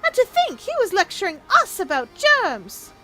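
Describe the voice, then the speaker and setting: An eager young boy apprentice with a high, sparkly voice that leaps around, as a woman puts him on. He is cheerful and exclamatory, a video game sidekick. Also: wildly swooping pitch, normal speed, bright, forceful tone, soft background music, full character voice. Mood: excited.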